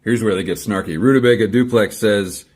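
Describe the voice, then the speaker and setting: A man with a lowish voice talks casually to the camera from his garage, answering comments. His delivery is dry and sarcastic. He rambles through self-deprecating asides. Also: brisk. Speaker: vlogger answering viewer comments. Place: home garage.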